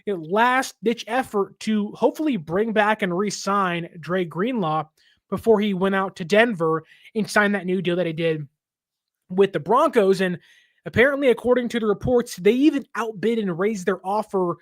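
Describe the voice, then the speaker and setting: A man's voice: high voice, normal speed, dry recording. A young adult man hosting a sports podcast, talking casually in a chatty way, laughing often and acting out fans' complaints. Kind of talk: casual reaction commentary.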